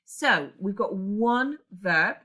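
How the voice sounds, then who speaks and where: Bright-voiced woman teacher explaining grammar. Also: mid-range voice, lively intonation, drawn-out words. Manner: explanatory, step-by-step, with fillers and self-corrections. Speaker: English teacher. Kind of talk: recorded classroom lesson explaining grammar.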